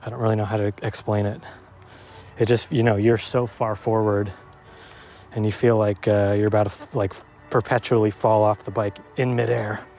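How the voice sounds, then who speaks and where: A man's voice: fairly low pitch, flat delivery, normal speed, darkish tone, soft background music. A young man vlogging while he rides a mountain bike through the woods, out of breath and swearing, joking about his own lack of skill. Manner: breathless, swearing, self-deprecating commentary. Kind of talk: casual narration while riding. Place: outdoors on forest trails.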